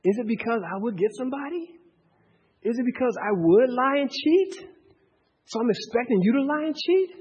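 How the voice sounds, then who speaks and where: High-voiced husky man teaching scripture. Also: normal speed. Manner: animated, repeats and restarts, rhetorical questions. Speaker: bible study teacher. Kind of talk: bible study teaching. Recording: dull, echoey hall recording.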